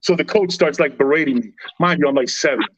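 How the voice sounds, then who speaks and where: Animated, slangy man telling stories. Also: a little high, quick pace, highs cut off. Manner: animated, slangy storytelling with swearing. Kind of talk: casual sports chat.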